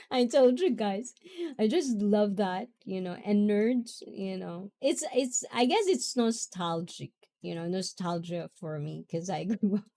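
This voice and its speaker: A giggly woman hosts a relaxed livestream chat, taking her time between words. Her speech is unhurried and drawn out, with frequent laughter as she reads viewer comments. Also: mid-range voice. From half Japanese, half Filipina. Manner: giggly, chatty, often laughing. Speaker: livestream host.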